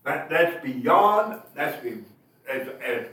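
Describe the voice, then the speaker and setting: High-pitched lively preacher man, echoey. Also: slow. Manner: rhetorical tag questions, emphatic bursts. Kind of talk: sermon. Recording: echoey room, mic at a distance.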